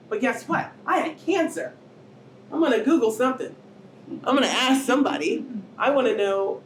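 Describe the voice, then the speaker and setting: A middle-aged woman giving an emotional personal testimony as a cancer survivor at a public talk. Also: lowish voice. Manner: emotional, rising to near shouts and tearful moments. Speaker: cancer survivor speaking at a panel. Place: event hall with audience. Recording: roomy hall, distant mic, faint noise.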